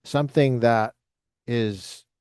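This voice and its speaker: Male lecturer, mid-pitched, reads text aloud and breaks off for dry jokes. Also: takes it slowly, darkish tone, clean tone, no echo. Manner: reads passages with joking asides. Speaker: lecturer reading from a history book. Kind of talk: reading aloud with commentary.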